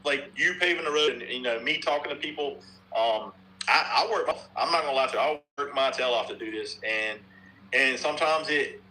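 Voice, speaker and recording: A man's voice with a bright, forward edge, talking loosely and at length in a relaxed podcast conversation. He is middle-aged and from North Carolina, circles back on his own words and drops a swear word now and then. A faint hum sits behind him. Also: medium pitch, brisk, rough recording. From North Carolina, USA. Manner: rambling, repeats himself, swears casually. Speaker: softball bat reviewer and podcast guest. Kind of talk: casual podcast chat.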